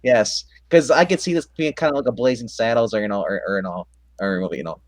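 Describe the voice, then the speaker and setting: A man co-hosting a casual movie review chat, halting and full of fillers, acting out scenes as he retells them. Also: fairly low pitch, dry recording. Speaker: co-host.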